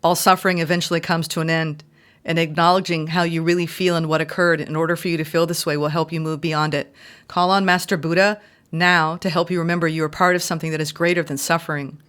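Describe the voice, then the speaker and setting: A woman giving an intuitive tarot reading, heartfelt and effusive, sometimes reading card meanings aloud in a gentle, spiritual manner. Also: deep voice, level tone, fast talker, clear, resonant tone. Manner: emotional and effusive. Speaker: tarot reader.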